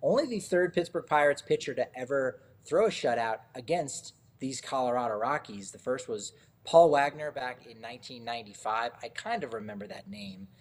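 A man co-hosting a casual sports podcast, talking in a relaxed, rambling way with many fillers and restarts. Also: mid-range voice, moderate pace. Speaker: podcast co-host.

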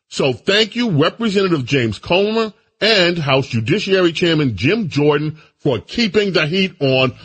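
Animated husky talk radio host. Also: male voice, a little high. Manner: animated, mocking, mimics stammering officials. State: out of breath. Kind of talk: political talk radio monologue.

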